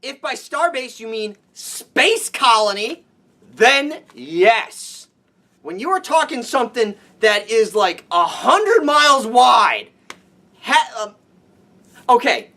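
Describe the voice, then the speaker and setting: A man giving a ranting film review for his vlog, animated and exasperated, swearing freely. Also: high-pitched. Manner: animated, exasperated, profane, with frequent restarts.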